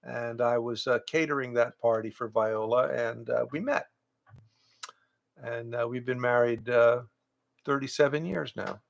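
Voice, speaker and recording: This is an older man, a voice actor, chatting with fans on a livestream from his home. He reads their questions aloud and answers in a loose, rambling way. His voice is gravelly and sits at a middle pitch. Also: fairly even intonation, measured pace. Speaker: voice actor and improv teacher. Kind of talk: casual livestream chat with fans. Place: home, in front of pictures on the wall. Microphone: livestream webcam setup.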